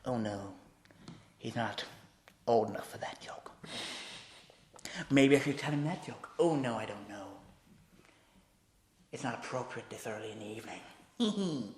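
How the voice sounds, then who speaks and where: A man's voice: mid-range voice, lively intonation, unhurried, long pauses, a little hiss or hum, natural voice. A man voicing a cackling, wheedling male clown villain in a sing-song, menacing way. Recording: roomy echo.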